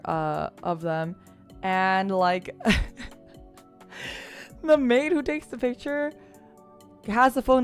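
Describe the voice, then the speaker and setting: A woman streamer telling a story in casual chat, animated and laughing often, with lots of "like" and fillers. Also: medium pitch.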